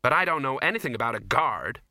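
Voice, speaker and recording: A man voicing a sharp, skeptical young woman who talks briskly. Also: mid-range voice, very animated, no room sound, clean studio sound, heavily acted.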